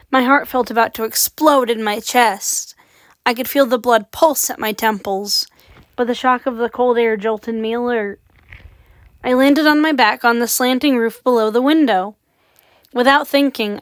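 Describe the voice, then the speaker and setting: A woman's voice: on the high side, smooth, no echo. A woman reading a horror story aloud with dramatic, suspenseful narration. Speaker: audiobook reader.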